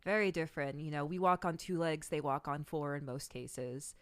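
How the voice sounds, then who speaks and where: A woman's voice: deep voice, normal speed, fairly bright tone, no echo. A woman co-hosting a podcast in casual chat, blunt and opinionated, swearing freely. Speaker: podcast co-host.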